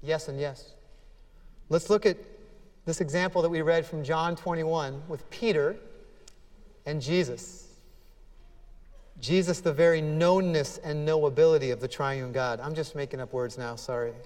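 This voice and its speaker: High-pitched guy preaching a sermon, earnest, lots of emphasis, echoey hall sound. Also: a little slow, long pauses, darkish tone. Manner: earnest, emphatic preaching with dramatic readings of scripture. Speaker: pastor.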